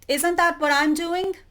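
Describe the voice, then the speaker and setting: Her voice is very high-pitched and fairly bright as she hosts her own channel. The woman reads web articles out loud and remarks on them, doubling up words she wants to stress.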